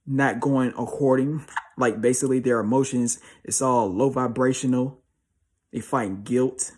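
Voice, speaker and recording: Young male motivational speaker, husky voice, street slang, hammers points with repetition. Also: mid-range voice, darkish tone. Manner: slangy, emphatic, repeats himself. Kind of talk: motivational monologue.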